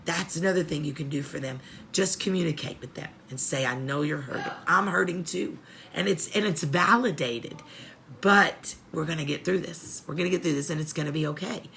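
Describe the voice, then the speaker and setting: Low gravelly woman sharing advice. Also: brisk, fairly bright tone, a little hiss or hum. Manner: earnest, repeats herself, emotional and choked up. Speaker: host of an inmate family support show. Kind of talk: heartfelt advice talk.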